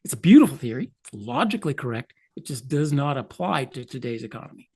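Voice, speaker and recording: Man in his sixties, interview guest, lively swooping delivery, emphatic, wry asides. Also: mid-range voice, fast talker, husky. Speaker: economist guest. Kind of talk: explanatory interview talk.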